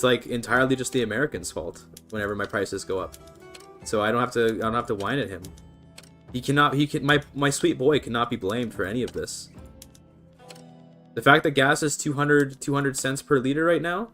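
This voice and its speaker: With faint music behind him, a man speaks briskly in a mid-range, slightly bright voice. He's casually commentating a strategy game on a livestream from British Columbia, Canada, chatting comfortably, laid-back as he answers his viewers' chat.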